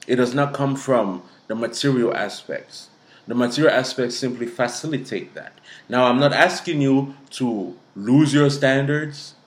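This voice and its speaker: A man from Africa gives a casual tarot reading to his viewers. His voice sits at a middle pitch and has a roomy echo. He talks bluntly, swears freely and scolds. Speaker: tarot reader. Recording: echoey room.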